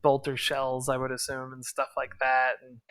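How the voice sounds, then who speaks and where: A man's voice: medium pitch, completely flat delivery, moderate pace, a bit bright, smooth, dry recording. A man running a tabletop role-playing game, narrating in a loose, rambling way. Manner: loose, rambling, laughing often. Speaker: game master.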